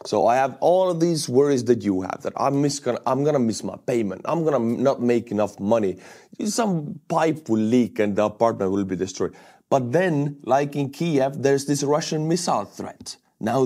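Upbeat young man from Estonia. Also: mid-range voice. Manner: enthusiastic, animated, upbeat. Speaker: war news vlogger. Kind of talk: casual video commentary.

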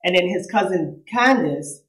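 A woman, a cousin of the deceased, giving a nervous, conversational funeral eulogy and laughing softly between memories. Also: lowish voice, lively intonation, measured pace. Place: funeral service hall. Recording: roomy hall echo.

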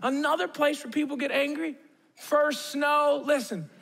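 A man in his thirties preaching a sermon to a church audience, animated and conversational, acting out the voices he quotes. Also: very high-pitched, unhurried, gravelly. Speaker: pastor. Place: large church auditorium. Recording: long reverb of a large hall.

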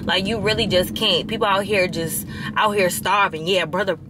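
A woman's voice: medium pitch, normal speed, background noise. A young woman vlogger, talking casually to her viewers while venting and chatting. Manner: chatty, venting, expressive, addresses viewers as y'all. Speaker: lifestyle vlogger. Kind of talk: casual vlog talk to camera.

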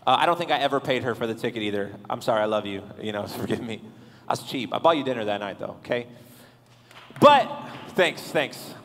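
A man preaching a casual, comedic sermon to a young crowd, joking, animated and talking straight to the audience. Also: medium pitch, fairly quick, long reverb tail. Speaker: youth pastor. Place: large church hall.

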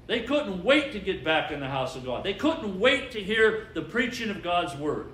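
Pastor, man, high voice, emphatic call-and-response preaching, roomy church sound. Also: sing-song, normal speed, fairly bright tone. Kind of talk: sermon. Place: church sanctuary. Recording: echoey church with faint ambience.

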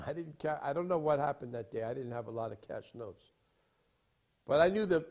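A man's voice: fairly high pitch, darkish tone, slightly rough. Rambling male preacher, emphatic swings. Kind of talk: sermon storytelling.

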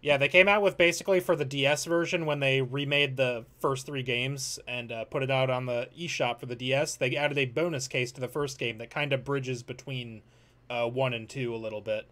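A man's voice: mid-range voice, steady tone, a little fast, a bit bright. A man hosting a game stream, laid-back and teasing, swearing casually as he chats. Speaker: host.

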